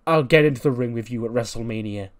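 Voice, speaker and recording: Stern veteran wrestler dad, earnest and forceful, lines lifted in pitch , as a man puts him on. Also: quick pace, natural voice. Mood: challenging. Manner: earnest, pleading then challenging. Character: weary veteran male wrestler, stern father.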